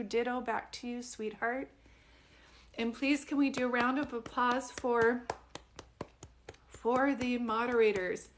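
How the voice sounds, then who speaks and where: A woman giving psychic readings on a livestream, soft and soothing, calling people sweetie and honey, often restarting her sentences. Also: fairly high pitch. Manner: rambling, restarts mid-sentence. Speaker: psychic medium doing live readings.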